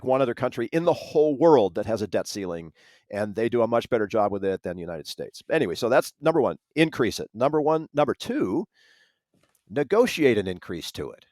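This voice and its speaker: A male podcast co-host with a lively, up-and-down voice, recorded dry and close with no room sound. He delivers political commentary with wry, deadpan sarcasm. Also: medium pitch, brisk, no echo.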